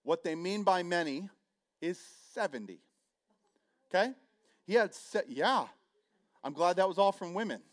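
Middle-aged male pastor, slightly higher voice, lively sermon delivery, acts out characters, self-deprecating humor. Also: unhurried, pauses often.

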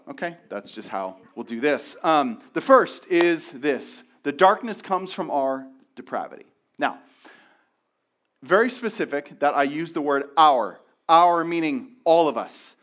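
A man's voice: on the high side, fairly bright tone. A man who is a pastor, giving a sermon candidly, with frequent restarts and repeated words.

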